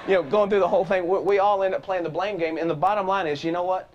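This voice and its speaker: A man hosting a talk show, telling a story in a lively, folksy way and acting out the quotes in different voices. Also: quick pace, hardly any pauses. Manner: animated, folksy, acts out quotes with shifting pitch. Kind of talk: energetic storytelling monologue. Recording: dull lo-fi TV sound.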